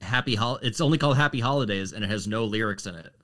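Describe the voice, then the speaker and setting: A man's voice: lowish voice, fast, a bit bright. A young man co-hosting a casual music podcast, easygoing and wry, mildly critical. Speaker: podcast co-host. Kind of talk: casual chat.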